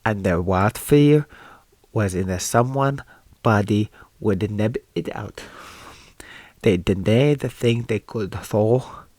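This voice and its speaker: A man voicing a clumsy mock-Scottish storybook reader in an attempted Scottish accent, stumbling and halting through the text. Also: on the low side, darkish tone, no echo. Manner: stumbling, halting reading aloud. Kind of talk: reading a book aloud in a put-on accent.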